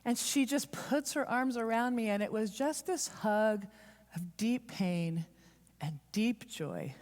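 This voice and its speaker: A woman's voice: on the high side, a little mellow. Heartfelt woman preaching in a reverberant church. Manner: heartfelt, confessional, speeds up and slows down for emphasis. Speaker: church speaker. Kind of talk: personal storytelling sermon. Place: church sanctuary. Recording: long reverb of a large hall.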